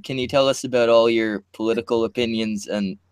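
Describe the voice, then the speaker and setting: A man's voice: medium pitch, steady tone, brisk, a little hiss or hum. A man co-hosting an online chat, blunt and joking, rambling as he talks. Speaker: podcast co-host. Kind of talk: casual chat.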